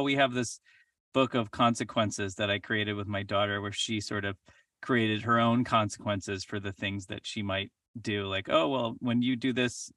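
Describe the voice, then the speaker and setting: A man hosting an interview, speaking in an appreciative, halting way. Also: on the low side, fairly bright tone, no room sound, clean studio sound, distant mic. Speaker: podcast host. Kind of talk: conversational interview.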